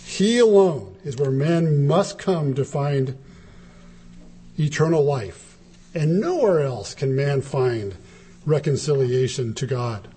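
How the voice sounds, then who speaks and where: A man preaching a sermon, emphatic and dramatic, with big swings of voice when he quotes. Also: slow pace. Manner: animated, emphatic, dramatic shifts in pitch when quoting.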